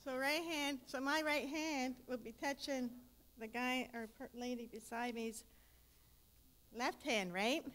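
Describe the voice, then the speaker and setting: A woman's voice: sits high, steady tone, unhurried, a bit bright. A woman giving an emotional, hesitant testimony in church, sometimes close to tears. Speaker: guest speaker sharing a testimony.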